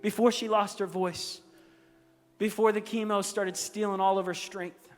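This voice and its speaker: A male pastor voicing a grieving, gentle man of faith, speaking quietly and tenderly. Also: sits high, level tone, moderate pace, lightly acted. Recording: echoey hall with music underneath.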